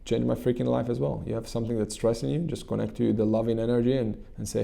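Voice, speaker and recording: Male coach, dark mellow voice, gravelly, earnest guided-meditation talk. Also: medium pitch, little pitch movement. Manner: earnest, repetitive, halting restarts. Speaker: channel host and coach.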